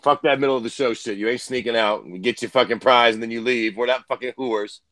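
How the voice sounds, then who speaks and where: A man from Ohio co-hosts a fight talk show, launching into blunt, crude, heated rants full of profanity in a casual chat. His medium-pitched voice is steady and fairly bright, and he talks quickly. The recording is dry.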